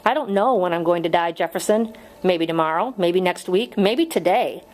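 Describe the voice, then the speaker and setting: A woman's voice: on the low side, moderate pace, darkish tone, natural voice, low-quality recording. A woman voicing an earnest young male schoolteacher in an audiobook reading, pleading with strained patience.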